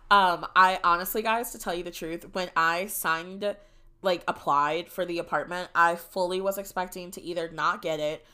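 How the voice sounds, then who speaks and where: Bright-voiced young woman podcast host. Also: fairly low pitch. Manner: animated and dramatic, shrieks when reliving moments. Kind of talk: casual storytelling monologue.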